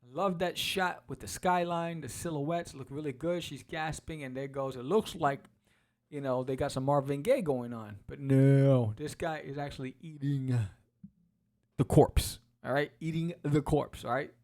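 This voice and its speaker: A man hosting a podcast, walking casually through a comic book and acting out its quotes in quick voices. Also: a little high, a little mellow. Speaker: podcast host.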